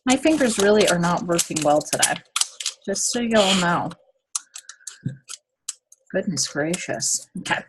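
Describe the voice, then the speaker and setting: A woman's voice: fairly low pitch, expressive, measured pace, pauses often, background noise. A woman giving a casual step-by-step nail application demonstration, checking in often with "okay?". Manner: chatty, step-by-step instructions with frequent "okay?" check-ins.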